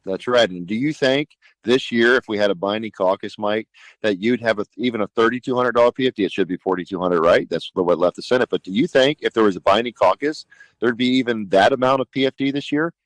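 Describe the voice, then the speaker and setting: Middle-aged guy on talk radio, talks super quick and punchy, dry studio mic. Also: fairly low pitch, dry recording, low-quality recording. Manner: emphatic, animated, acts out conversations. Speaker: state senator guest. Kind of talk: radio talk show discussion.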